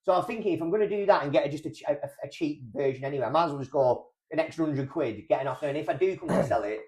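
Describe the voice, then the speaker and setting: A young man co-hosting a casual podcast, rattling through rambling, jokey stories at a fast clip. His voice sits a little high for a man. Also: darkish tone. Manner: rambling, jokey, quick-talking. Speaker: podcast co-host. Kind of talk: casual banter.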